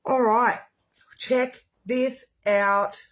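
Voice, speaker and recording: A woman's voice: on the high side, steady tone, extremely slow. A middle-aged woman, chatting in a rambling, effusive way while hosting a casual makeup livestream to the camera.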